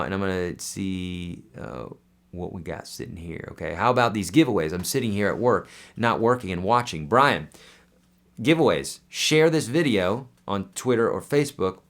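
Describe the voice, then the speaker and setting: A man hosting a casual live Q&A as a guitar teacher, chatty and friendly, with lots of fillers and restarts. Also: on the low side.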